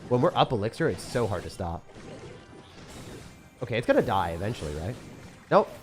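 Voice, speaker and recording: A man's voice: lowish voice, sing-song, a little fast, faint music behind. A young man giving casual, chatty gameplay commentary as a channel host. He talks in slang, jokes around and laughs often.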